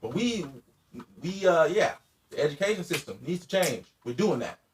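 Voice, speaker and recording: A man's voice: fairly high pitch, sing-song, normal speed, far from the mic, slight background noise. A young man hosting a casual podcast, rambling and profane, laughing often. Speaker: podcast host. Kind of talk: casual chat.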